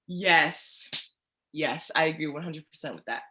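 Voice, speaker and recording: A woman's voice: sits low, a little slow. A young woman who is a poetry guest on a podcast, talking casually and telling stories with emphasis. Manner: emphatic, animated storyteller. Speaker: guest poet. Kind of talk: casual chat.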